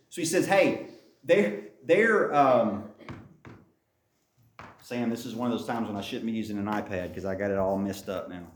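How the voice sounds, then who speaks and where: Man teaching scripture, echoey room. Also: on the high side. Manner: reads scripture aloud then explains it, repeats key points. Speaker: Bible teacher. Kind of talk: Bible study teaching.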